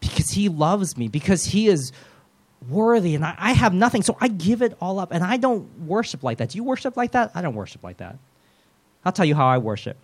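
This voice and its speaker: Guy preaching, kinda high voice, animated and jokey, acts out bits. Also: fairly quick. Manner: self-deprecating humor. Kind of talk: sermon.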